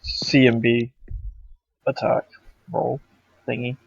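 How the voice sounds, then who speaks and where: A man's voice: medium pitch, little pitch movement, slow, gravelly, husky, no room sound. Man, tabletop player, casual and mumbly, dry sound, dull lo-fi recording.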